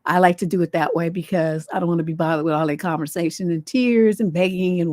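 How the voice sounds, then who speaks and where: A woman's voice: fairly low pitch, fast, hardly any pauses, a little mellow, no room sound. A woman hosting a livestream as a relationship coach. She talks in a blunt, sassy way and swears freely. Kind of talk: livestream advice show.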